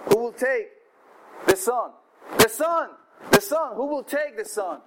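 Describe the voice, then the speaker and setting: A man's voice: very high voice, lively intonation, measured pace, heavy background noise, voice pushed up. A man preaching, voicing an insistent male auctioneer calling for bids in a raised voice. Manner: loud, pleading, repetitive calls.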